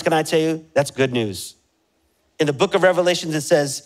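Passionate pastor preaching, somewhat high voice. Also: male voice, normal speed, low-quality recording. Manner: passionate, rising and falling emphasis, direct questions to the congregation. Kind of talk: sermon. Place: church sanctuary.

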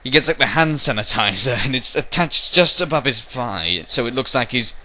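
A man's voice: mid-range voice, lively intonation, normal speed, sharp tone, a little hiss or hum. A young man giving casual game commentary at home, rambling and jokey and breaking into silly voices. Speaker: let's play commentator. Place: bedroom at home.

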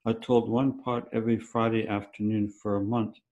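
A man's voice: fairly low pitch, little pitch movement, moderate pace, a little mellow, muffled recording. A man, an author, giving a wry, conversational reading of his own story at a literary festival.

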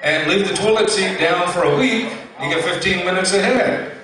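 A man's voice: high voice, normal speed, recorded from a distance, heavy background noise. Folksy man telling jokes in an echoey room. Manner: folksy, drawling storyteller with fillers. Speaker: stand-up comedian. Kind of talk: live stand-up joke telling. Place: live venue with audience.

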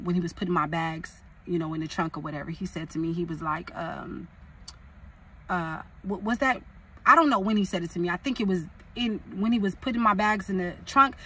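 A woman's voice: fairly low pitch, fairly bright tone, husky, far from the mic. A young woman from California, a prophetess, preaching casually and rambling, repeating phrases for emphasis.

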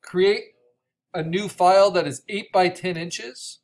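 A man teaching an online art course, explaining steps with frequent restarts and a voice gone raspy from coughing. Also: high voice, fairly even intonation, slow, darkish tone. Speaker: art instructor. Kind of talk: recorded online course lecture.

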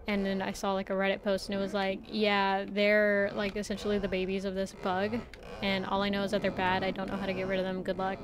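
A woman's voice: mid-range voice, noisy background. A woman streamer chatting casually while playing a game, rambling with lots of fillers. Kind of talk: casual chat while gaming.

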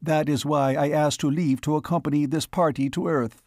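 A hesitant male historian from the far future picks his words slowly and stumblingly, as a man reads him. He sounds earnest and a little lighter than the narration. The sound is close and dry. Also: on the high side, fairly even intonation, darkish tone, no echo, voice pushed up, natural voice. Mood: halting. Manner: halting, searching for old words.

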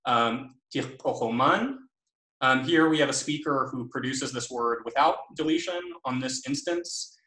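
A man giving an academic linguistics talk over a video call, measured and full of ums and uhs, his phrases trailing off. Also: medium pitch, bright, forceful tone. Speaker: linguistics lecturer. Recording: roomy echo.

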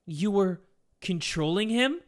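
A man voicing a desperate adult woman who pleads in a shrill, frightened way. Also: expressive, takes it slowly, slight background noise. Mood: confused.

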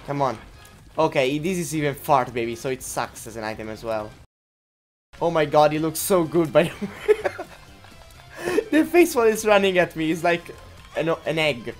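A woman giving gameplay commentary, giggling often, breaking into loud laughter and swearing freely. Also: a bass voice. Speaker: let's-play gamer.

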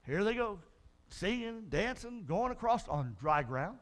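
A middle-aged male pastor preaching a sermon, telling Bible stories in an animated way, acting out the figures and building to shouts. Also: high-pitched, a little slow.

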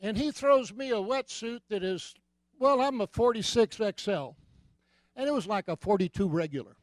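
A man preaching a sermon as a comic, animated storyteller who sometimes bursts out loudly. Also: sits high, normal speed, no echo. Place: church sanctuary.

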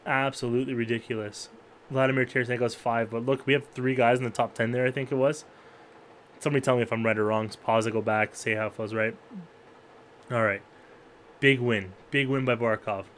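A man calls a hockey video game play by play in a voice of ordinary, middle pitch. He shouts up high at big moments, drops to quiet grumbles between them, and talks straight to the players on screen. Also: fairly even intonation, fairly quick, slight background noise. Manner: jumps to loud, high-pitched yelling at big plays, then drops to low mutters. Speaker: gaming YouTuber.

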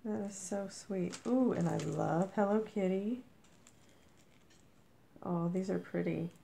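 Slow, gravelly, gushing woman vlogger. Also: mellow, slight background noise. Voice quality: squeaky. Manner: gushing, effusive. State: under the weather. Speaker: vlogger opening mail. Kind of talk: casual unboxing chat.

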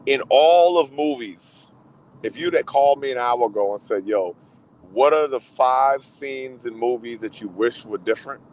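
Excitable male host, casual film chat. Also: mid-range voice, moderate pace, a little hiss or hum, poor audio. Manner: excitable, repeats himself, trails off mid-thought. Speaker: radio show host.

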